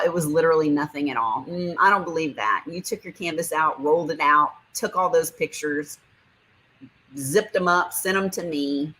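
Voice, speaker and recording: A woman with a notably low-pitched voice hosts a relaxed livestream. She reads viewer comments aloud and answers them in a chatty, friendly way, laughing often. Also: low-quality recording. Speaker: livestream host. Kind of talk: casual livestream chat reading viewer comments.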